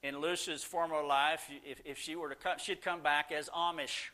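A middle-aged man telling stories to a live audience, animated, and loud when he acts out how his family talked. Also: on the high side, normal speed. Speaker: speaker answering audience questions. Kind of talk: casual talk to a live audience.

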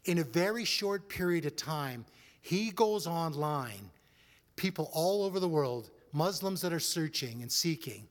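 A man's voice: a little high, animated, unhurried, big-room sound. A man preaching a sermon as a pastor, building to fervent exhortation with frequent restarts. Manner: rising into fervent preaching, stumbles over restarts.

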